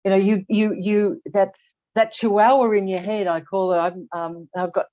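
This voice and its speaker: A woman's voice: medium pitch, level tone, moderate pace, dark tone. An older woman talking candidly as a podcast guest, often restarting and repeating words as she thinks aloud. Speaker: guest expert. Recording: dull lo-fi audio.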